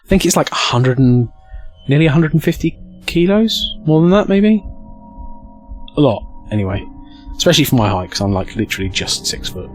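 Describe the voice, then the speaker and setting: Male storyteller, casual and jokey, very lively intonation, a little swearing. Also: medium pitch, fairly quick, pauses often, soft background music. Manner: animated, rambling, jokey, swears. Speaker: streamer telling a story.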